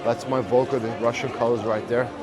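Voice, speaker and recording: Brief: male vlog host, eager and chatty, medium pitch, crowd noise all around. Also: level tone, brisk. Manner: enthusiastic, talks straight to viewers. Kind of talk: casual walk-around vlog. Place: busy art festival hall.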